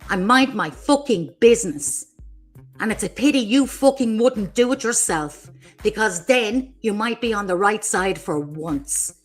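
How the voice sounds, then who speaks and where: A woman's voice: medium pitch, expressive, a little slow, faint music behind. A woman hosting her own livestream, delivering an angry, profane, confrontational rant at other creators. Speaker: streamer host.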